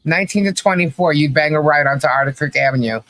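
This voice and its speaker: High-voiced animated male commentator. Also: fast, poor audio. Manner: animated storyteller, acts out quotes with laughing asides. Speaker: podcast co-host. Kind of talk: casual commentary.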